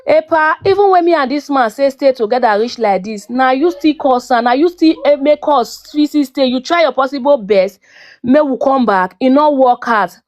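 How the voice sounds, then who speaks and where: A woman's voice: high voice, moderate pace, darkish tone, dry recording. A woman with a Nigerian accent speaking as a guest on a live stream, pleading in Pidgin and repeating her apologies. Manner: pleading, repeats "abeg, no vex".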